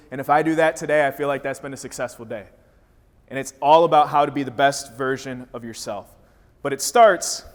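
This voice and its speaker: Energetic storytelling man in a hall. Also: a little high. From Wisconsin. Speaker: speaker. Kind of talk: motivational storytelling speech. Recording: reverberant hall.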